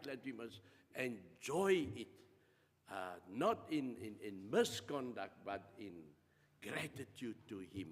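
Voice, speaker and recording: A man with a South African accent preaching a church sermon and leading prayer, halting with many fillers. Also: medium pitch. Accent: South African English. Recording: long reverb of a church hall.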